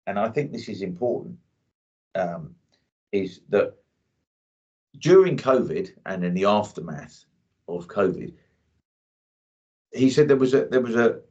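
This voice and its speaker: A man's voice: lowish voice, animated, a little slow, long pauses, darkish tone. A man talking bluntly in a casual two-way chat, leaning on "you know" as he goes. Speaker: co-host. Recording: dull lo-fi audio.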